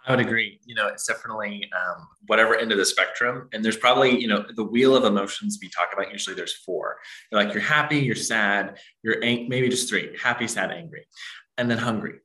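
A man's voice: fairly low pitch, a little fast, sharp tone, echoey room, low-quality recording. A man joining a casual podcast as a guest, joking about himself and getting emotional. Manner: self-mocking, emotional, joking.

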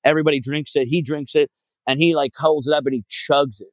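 A man's voice: fairly high pitch, fairly even intonation, fast talker, dry recording. Profane rambling man telling road stories. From Philadelphia area. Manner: rambling, profane, many fillers. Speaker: podcast guest, band frontman. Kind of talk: casual storytelling.

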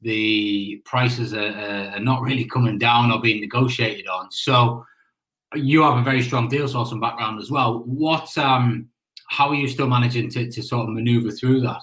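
A man's voice: mid-range voice, normal speed, a bit bright, low-quality recording. A man as a guest in a casual chat, rambling and repeating words.

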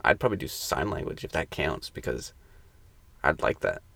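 A man's voice: rumbling low, lively intonation, moderate pace, gravelly, sharp tone, no room sound. A young man co-hosting a casual podcast chat, laid-back with crude jokes. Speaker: podcast co-host.

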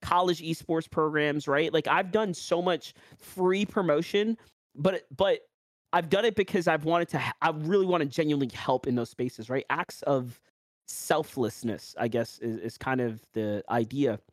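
A man's voice: fairly high pitch, normal speed, no room sound, studio quality. A man with a New York accent, a commentator hosting a casual podcast, telling stories animatedly with lots of fillers. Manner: animated storytelling with acted-out quotes and many fillers.

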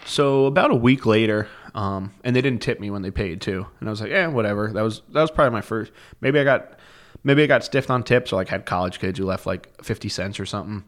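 Speaking quickly in a lowish voice, a young man on a podcast rattles off laid-back stories. He's lively and foul-mouthed, with fillers scattered all through his talk.

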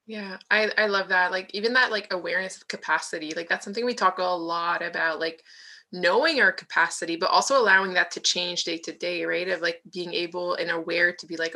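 Bright, upbeat woman podcast host. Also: fairly low pitch, steady tone, fairly quick. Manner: enthusiastic, heavy use of "like". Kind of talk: casual conversational interview.

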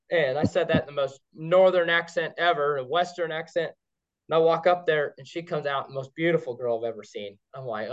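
A man, a guest on a podcast, telling stories in an excited, rambling way with many restarts. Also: fairly high pitch, fairly quick. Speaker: guest, game caller. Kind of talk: casual podcast chat. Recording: dull lo-fi sound.

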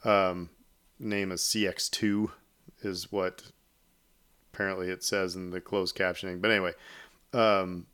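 A man's voice: deep voice, level tone, measured pace, pauses often, fairly bright tone, smooth. A man hosting a podcast, chatting casually and rambling with many fillers and restarts. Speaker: podcast host. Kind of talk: casual chat.

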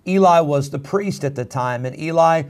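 A pastor delivering a sermon, his voice sitting a little high for a man. He preaches in an earnest, steady way and often pauses on filler sounds.

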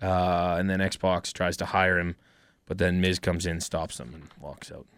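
A young man co-hosting a casual chat, recapping events in a plain, steady run-down. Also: low-pitched, unhurried, smooth, dry recording, clean studio sound. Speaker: podcast co-host.

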